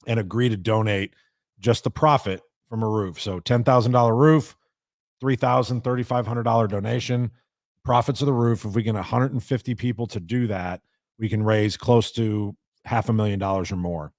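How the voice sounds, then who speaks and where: A man's voice: lowish voice, darkish tone, no echo, clean studio sound. A man hosting a live show, chatting casually, crude and joking, swearing freely. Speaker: podcast host.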